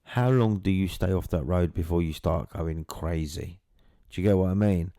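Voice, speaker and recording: A man's voice: sits low, normal speed, dark tone, dry recording, clean studio sound. A middle-aged man telling his own story in a candid, earnest way, swearing casually as he talks.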